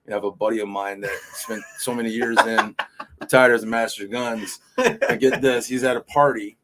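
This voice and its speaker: On the low side and fairly quick, his bright, forceful voice keeps a fairly even intonation over slight background noise. As a fill-in podcast co-host in casual conversation, he wanders through stories, curses freely, and leans on "you know."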